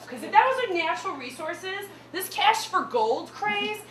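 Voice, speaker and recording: A young woman with a Midwestern accent doing an animated stand-up set, laughing at her own punchlines. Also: very high voice, normal speed, noisy background. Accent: Midwestern American. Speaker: stand-up comedian. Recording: echoey room with mic far off.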